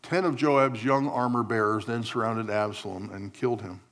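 A man's voice: on the low side, normal speed, a bit bright. A man preaching a sermon, telling a story with wry asides and acting out the lines of the figures in it. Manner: storytelling preacher, acts out quotes, wry humor. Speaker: pastor.

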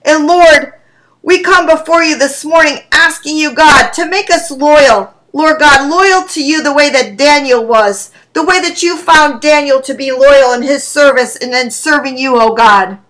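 A woman preacher reading scripture aloud and praying in a sermon, slow and deliberate. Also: high-pitched, a bit bright, rough recording.

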